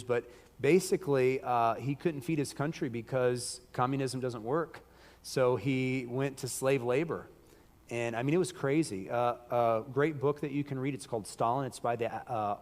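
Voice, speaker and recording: A man preaching a sermon in a church hall, his voice wearing hoarse as he goes. He talks emphatically, with loud bursts, and the room gives his words a long reverberant tail. His pitch sits in the middle range for a man. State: losing his voice.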